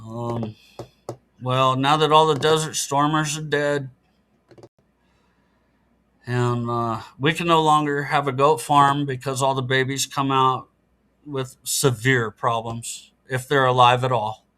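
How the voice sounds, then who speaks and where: A man's voice: mid-range voice, steady tone, slow pace, sharp tone. A middle-aged man, a podcast guest, talking casually and explaining things in an earnest, matter-of-fact way. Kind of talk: casual interview talk.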